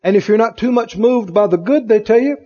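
In a church sanctuary, a male pastor with a high, warm voice preaches fairly quickly, telling folksy stories, laughing, and voicing the people he quotes. Amens come back from the congregation, captured in a dull, lo-fi recording with long reverb.

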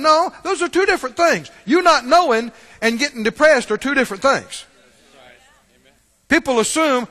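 Lively high-voiced preacher in echoey hall. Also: male voice, normal speed. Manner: animated, folksy, chuckling asides. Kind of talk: sermon.

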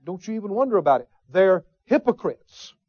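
A man's voice: high-pitched, expressive, a little fast, no room sound. A man preaching a sermon, folksy asides and call-and-response with the congregation. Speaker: pastor. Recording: dull, slightly lo-fi sermon recording.

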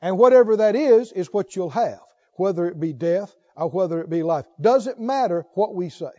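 A man's voice: high-pitched, lively intonation, moderate pace, mellow. A middle-aged man preaching a sermon, emphatic and full of rhetorical questions to the congregation. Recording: dull lo-fi recording.

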